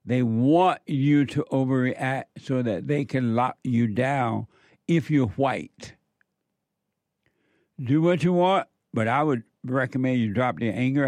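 A man's voice: medium pitch, measured pace, a little mellow, no echo. A man delivering an opinion monologue, repeating his warnings with heavy emphasis. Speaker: political commentator.

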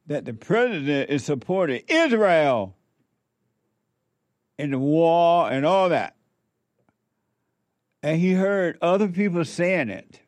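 A man's voice: a little high, a little mellow, dry recording. A man giving commentary, drawing out words with sermon-like emphasis. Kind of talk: slow, preachy commentary.

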